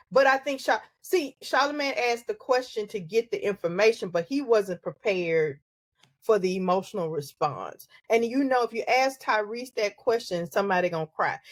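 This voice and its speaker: A woman's voice: medium pitch, no room sound. A middle-aged woman co-hosting a podcast in casual chat, explaining her views at length with frequent restarts. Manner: thoughtful, drawn-out explanations with many restarts. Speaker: podcast co-host.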